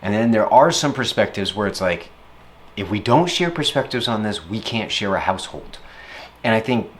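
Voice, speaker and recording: A man's voice: on the low side, lively intonation, moderate pace, slight background noise. Man, reflective interview monologue, rambling and casual, voice lifts when he quotes himself.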